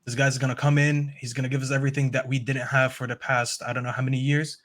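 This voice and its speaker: A man's voice: mid-range voice, little pitch movement, quick pace, a bit bright. A man with an ordinary mid-range voice talks as a football fan on a panel. He speaks earnestly, rambling a little and stopping often to find his words. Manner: earnest, rambling, lots of "um" fillers. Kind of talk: casual panel chat.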